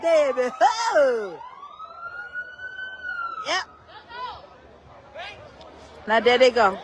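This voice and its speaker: A loud, rambling woman livestreams from a city street at night. Her voice sits high and swings wildly up and down. Sirens and a crowd fill the noisy street behind her.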